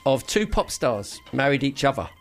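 A man's voice: medium pitch, sing-song, moderate pace, soft background music. A man co-hosting a radio show, bantering playfully, trying silly accents and laughing often. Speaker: radio co-host.

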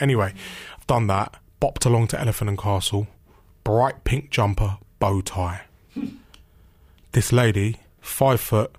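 A young man tells an animated anecdote, acting out both sides of old conversations and jumping up in pitch for the lines he quotes. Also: slightly rough. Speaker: guest telling a story.

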